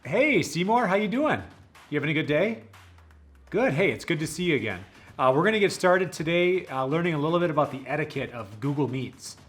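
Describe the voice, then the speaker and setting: A young adult man playing a teacher who patiently coaxes a puppet student through a video call, gently exasperated. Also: on the high side, animated, brisk, soft background music. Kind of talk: comic scripted video call skit.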